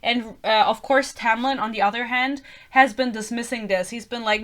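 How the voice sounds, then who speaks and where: A woman's voice: fairly high pitch, fairly even intonation, normal speed, fairly bright tone. Sarcastic, giggly young woman ranting. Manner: sarcastic, giggly, mock-voicing characters. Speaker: book reviewer. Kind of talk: casual book rant.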